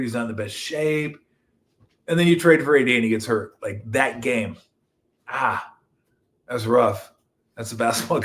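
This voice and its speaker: A middle-aged man from Southern California riffs through a casual solo sports talk show. He rambles and jokes, jumps to loud excited peaks, then drops to mumbled asides, his pitch swinging widely.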